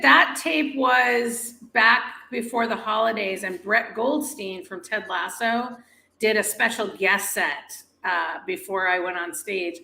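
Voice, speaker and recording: A woman with a Boston accent, a guest in a casual interview, chatty and halting with fillers. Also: mid-range voice, creaky, sharp tone, roomy sound.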